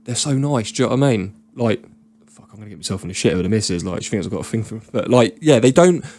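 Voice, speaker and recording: A man's voice: on the low side, animated, fast talker, darkish tone. A man with a British accent, a podcast guest telling rambling, laddish stories full of slang and swearing. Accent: British English. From Britain. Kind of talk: casual storytelling chat.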